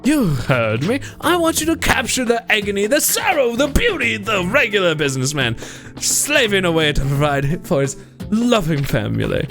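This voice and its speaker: A wildly flamboyant male photographer, put on by a man reading game dialogue gushes in high, leaping cries. His bright, sharp tone soars with each burst of praise. Faint game music plays underneath. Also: wildly swooping pitch, moderate pace, full character voice. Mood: gushing. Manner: theatrical, ecstatic, shouting praise.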